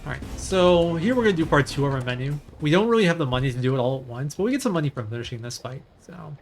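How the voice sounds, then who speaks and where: A man's voice: on the high side, expressive, quick pace. Casual speedrunner man thinking aloud. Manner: casual, chatty, thinking aloud while playing. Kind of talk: live speedrun commentary. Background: game music.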